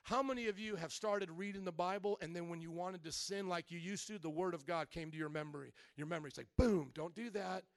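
A man preaching a sermon as pastor, animated, acting out little scenes and calling out to the congregation. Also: sits high, fairly quick, vocal fry, few pauses, no room sound, clean studio sound.

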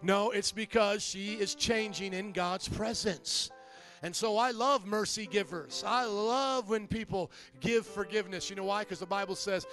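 A middle-aged man preaching a sermon as pastor, telling humorous stories in an animated way. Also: high voice, unhurried, faint music behind.

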